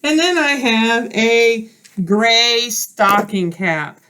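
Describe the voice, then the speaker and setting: A woman teacher telling a children's story at home and explaining it while she acts it out, recorded on a camera. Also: fairly high pitch. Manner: slow, animated, teacherly explaining. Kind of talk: storytelling role play for children.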